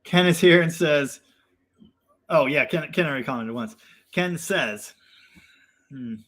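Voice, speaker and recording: A man's voice: a little high, measured pace, fairly bright tone. Chatty young man with fillers. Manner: chatty, self-deprecating, lots of fillers. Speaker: livestream host reading viewer comments. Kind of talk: casual live chat.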